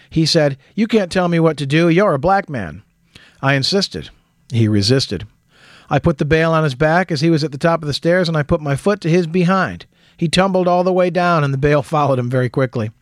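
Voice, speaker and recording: A man reading a first-person wartime memoir aloud in a measured, matter-of-fact storytelling manner. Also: fairly high pitch, dry recording, clean studio sound.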